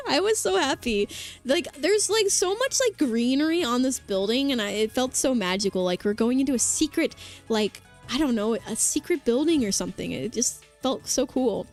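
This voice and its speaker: A woman's voice: a little high, expressive, normal speed. A woman streamer chatting casually with her viewers, bubbly and rambling with lots of fillers. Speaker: vtuber streamer. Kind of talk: casual chat with live chat. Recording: faint background music.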